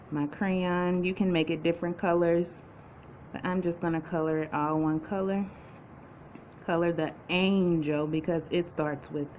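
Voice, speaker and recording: Slow, patient woman teaching small children. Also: deep voice, a little mellow, a little hiss or hum. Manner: slow, clear, patient, drawing out letter sounds. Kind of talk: recorded remote class lesson for young children.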